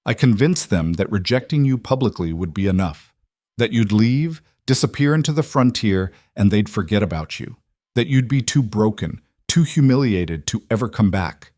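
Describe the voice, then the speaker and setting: A man's voice: lowish voice, expressive, normal speed, darkish tone, no room sound, studio quality, close to an everyday voice. Pleading manipulative alpha king, read by a man. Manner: pleading, earnest.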